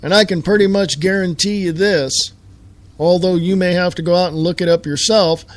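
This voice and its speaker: A man's voice: high voice, fairly even intonation, moderate pace, no room sound. A man hosting a live show, delivering a heated, sarcastic political rant full of rhetorical questions.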